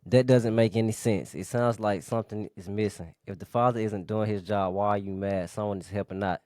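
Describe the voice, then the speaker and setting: A man reading listener comments aloud on a podcast in a steady, matter-of-fact way. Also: fairly low pitch, fairly quick, dry recording, clean studio sound.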